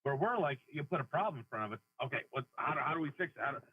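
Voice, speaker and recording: A man's voice: medium pitch, animated, rapid-fire, breathy edge, no room sound. Male caller on a dull phone line. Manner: explains with restarts and repeated words. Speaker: radio caller. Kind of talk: casual call-in chat.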